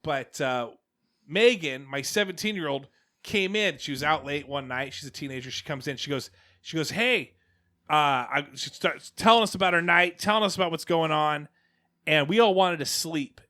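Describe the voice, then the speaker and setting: A man in his forties hosts a casual podcast over a headset. His voice sits a little high and rings bright and forward. He rambles through stories, stopping and restarting his sentences. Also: lively intonation, normal speed. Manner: rambling storyteller, many restarts. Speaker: podcast host. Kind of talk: casual chat.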